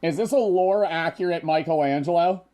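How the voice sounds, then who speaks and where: This young man's voice is on the high side and mellow, with a moderate pace, as he rambles profanely in casual livestream chat, exasperated by spicy food. It's a dry recording.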